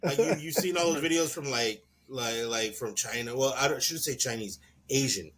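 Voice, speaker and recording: A man co-hosting a podcast in casual chat, an animated storyteller who laughs often and acts out the people in his stories. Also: mid-range voice, moderate pace, a loud crowd. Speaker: podcast co-host.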